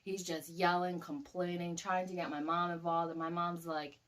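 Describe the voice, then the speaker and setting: A woman's voice: on the low side, flat delivery, moderate pace, hardly any pauses, fairly bright tone. A woman in her twenties casually recounting a story, with loose, profane talk full of "like". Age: 20s. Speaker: vlogger.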